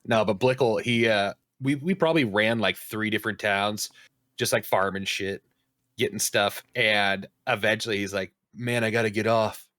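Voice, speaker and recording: A man's voice: on the low side, normal speed, bright, forceful tone, dry recording, studio quality. A man co-hosting a podcast, telling gaming stories in casual chat and swearing a lot. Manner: storytelling, swears a lot, acts out others' lines. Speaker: podcast co-host.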